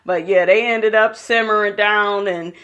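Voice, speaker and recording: A woman's voice: mid-range voice, steady tone, a little slow, a bit bright, dull audio. A woman giving a casual, gossipy recap of a reality TV episode, blunt, opinionated and full of profanity.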